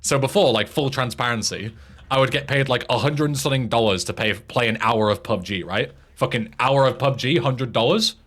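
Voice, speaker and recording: A man's voice: medium pitch, a little fast, a bit bright. A young English man streaming a game, chatting casually, joking and swearing. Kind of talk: casual gameplay commentary.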